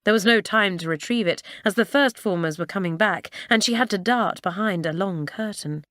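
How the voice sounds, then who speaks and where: A woman with a mid-range voice narrates a children's school story for an audiobook, measured and expressive as she tells it. There's no echo, and the studio sound is clean.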